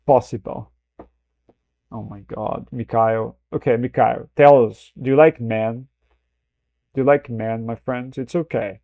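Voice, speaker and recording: A man's voice: mid-range voice, fairly even intonation, a little slow, creaky, dry recording, narrow, tinny audio. A man streaming casual reaction commentary, rambling, swearing freely and laughing at himself. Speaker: streamer reacting to a film clip.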